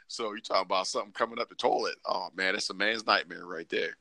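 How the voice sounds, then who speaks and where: A man co-hosting a podcast in casual chat, joking and acting out quoted lines in squeaky voices. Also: a little fast, pauses often, no room sound. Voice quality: animated, joking, acts out quotes in high voices. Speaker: podcast co-host.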